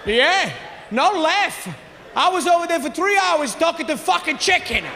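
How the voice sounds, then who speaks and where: High-voiced comedian shouting in a hall. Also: male voice, measured pace, gravelly. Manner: animated, shouts punchlines, acts out family members. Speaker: stand-up comedian. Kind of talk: stand-up comedy storytelling. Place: large theater stage with audience. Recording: live hall reverb with audience noise.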